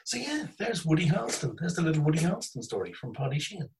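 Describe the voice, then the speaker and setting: A man, hosting a podcast and telling rambling, animated anecdotes in casual chat. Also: a little high, racing, distant mic, low-quality recording. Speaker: podcast host.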